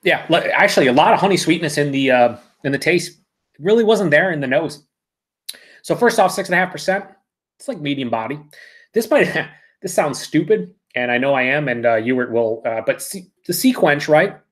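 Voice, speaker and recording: A man's voice: on the high side, animated, normal speed. Chatty man reviewing beer live. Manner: rambling, self-correcting, chatty with viewers. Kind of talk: casual live-stream review, reading chat comments.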